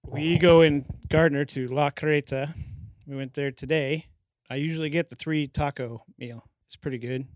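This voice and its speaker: A woman's voice: deep voice, fairly even intonation, moderate pace, darkish tone, no room sound. Woman in her forties, easygoing chat. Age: 40s. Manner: easygoing, laughing storyteller. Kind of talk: casual chat.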